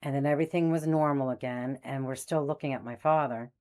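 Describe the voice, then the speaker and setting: Woman in her sixties, a medium telling personal stories in a low voice, animated, acts out voices. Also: fairly quick. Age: 60s. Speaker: spiritual medium host. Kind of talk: personal storytelling.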